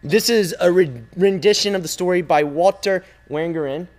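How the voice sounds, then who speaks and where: Youth pastor, male, higher voice, emphatic repetitive preaching with pauses. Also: darkish tone. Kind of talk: sermon.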